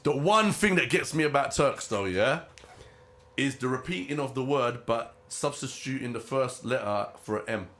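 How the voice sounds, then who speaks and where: A man's voice: medium pitch, animated, moderate pace, fairly bright tone. A man talking loosely and swearing in casual podcast chat. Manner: loose, swearing, repeats himself. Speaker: podcast co-host.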